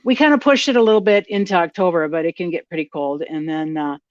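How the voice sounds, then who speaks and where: A woman's voice: on the low side, quick pace, no echo, muffled recording. A woman from Minnesota with a Minnesotan accent, talking casually as a podcast guest, friendly and chatty with many fillers and restarts. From Minnesota, USA. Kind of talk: casual interview chat.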